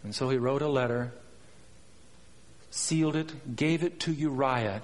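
A man's voice: mid-range voice, moderate pace, pauses often. Give me a dramatic male preacher in a reverberant room. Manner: dramatic, rising and falling in intensity. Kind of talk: sermon. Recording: long reverb.

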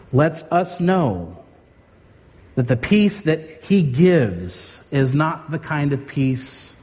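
Slow, earnest male preacher in a hall. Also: a little high, darkish tone. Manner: earnest, drawn-out emphasis. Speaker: pastor. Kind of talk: sermon. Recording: reverberant hall with faint ambience.

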